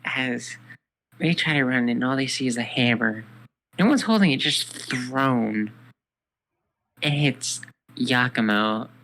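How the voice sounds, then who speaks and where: A man casually co-narrating a fan story, relaxed and affirming his partner often. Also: mid-range voice, slow, pauses often, rough recording. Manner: relaxed, affirming with frequent mm-hmms.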